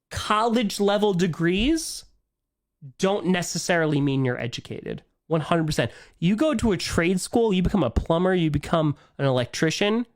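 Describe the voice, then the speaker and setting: On a live stream, a young man rants in an animated, exasperated way, often trailing off and repeating himself. His voice is a little high.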